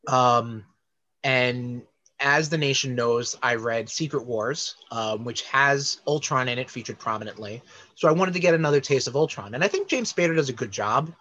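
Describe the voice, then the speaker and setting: Male podcast co-host, bright and forceful tone, loose rambling delivery full of ums. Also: mid-range voice, moderate pace, lo-fi sound. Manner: rambling, many fillers, animated. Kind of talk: casual chat about films and comics.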